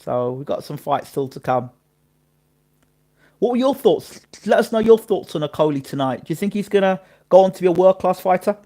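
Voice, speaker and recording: On a casual live boxing stream, the male host chats through his opinions and calls out viewers by name and where they're from. His voice sits high, with lively intonation and a slightly fast pace.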